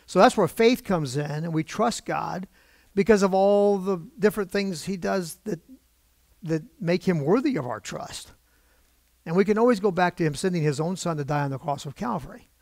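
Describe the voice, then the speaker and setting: A man's voice: a little high, creaky, a little mellow, no room sound, studio quality. A man preaching a sermon from a church pulpit, talking conversationally with his congregation, asking them questions and getting emotionally worked up. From United States. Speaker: pastor.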